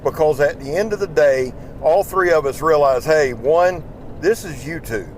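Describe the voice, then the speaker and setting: A man's voice: a little high, normal speed, a little hiss or hum. A tired man with a Southern accent, chatting casually and rambling in a folksy, profane way while driving his pickup truck. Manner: rambling, folksy, swears freely. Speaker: YouTube knife channel host. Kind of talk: casual driving vlog chat. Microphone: small microphone in the truck.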